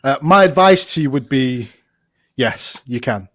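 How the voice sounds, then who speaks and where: A man co-hosting a podcast in casual chat, jokey and quick to laugh as he teases a guest. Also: mid-range voice, animated, a bit bright, dry recording, clean studio sound. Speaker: podcast co-host.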